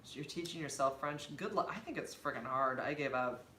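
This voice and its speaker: A woman's voice: rumbling low, a little fast, pushed and bright. A woman co-hosting a casual live stream, chatting and laughing often. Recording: echoey room with faint background noise.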